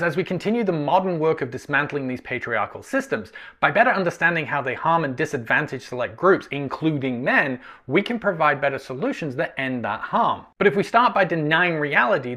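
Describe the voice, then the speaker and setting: Man, expressive lively pitch, measured, explaining. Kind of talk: casual opinion talk.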